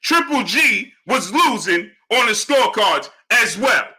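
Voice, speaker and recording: A man hosting a live boxing stream, breaking down fights and greeting chat viewers, animated and repeating "right?" and "you understand?" between points. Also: a little slow, slightly rough. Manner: low mumbled shout-outs to viewers. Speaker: livestream host. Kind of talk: live boxing commentary and chat shout-outs.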